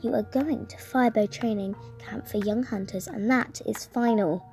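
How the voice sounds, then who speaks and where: A woman's voice: on the high side, fast talker, music in the background, close to an everyday voice. A woman voicing a hearty, commanding hunter father with a beard. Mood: stern. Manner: commanding, final.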